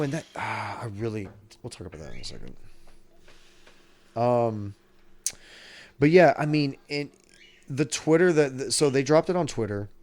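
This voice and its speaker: A man's voice: fairly low pitch, darkish tone. A man hosting a podcast in casual chat, rambling and swearing freely. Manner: rambling, profane, many restarts. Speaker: podcast host.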